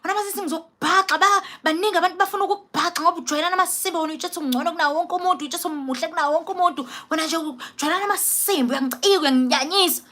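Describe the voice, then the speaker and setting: A woman with a South African accent voicing an angry teenage schoolgirl who rants rapidly. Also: very high voice, pushed and bright, voice pushed up. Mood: furious. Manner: rapid, heated ranting.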